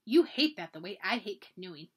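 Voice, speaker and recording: A woman's voice: medium pitch, big pitch swings, brisk, breathy edge. A woman voicing a cheerful, talkative young girl at summer camp while reading a storybook aloud. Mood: chatty. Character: chatty young girl camper.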